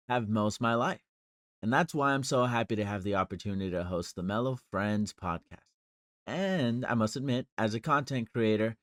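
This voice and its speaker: A man hosts his own podcast in a casual monologue, rambling and making self-deprecating jokes. His voice is medium-pitched, and the recording is dry and studio quality.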